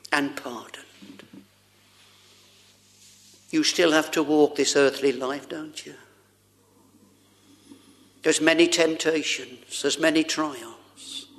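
A man preaching a sermon, addressing the congregation with rhetorical questions and old-fashioned scripture wording. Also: on the high side.

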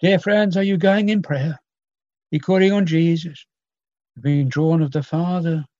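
A man preaching a sermon, slow and earnest, quoting old scripture with pauses and appeals to his hearers. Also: on the high side, fairly even intonation, darkish tone, no room sound. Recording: dull lo-fi dry sound.

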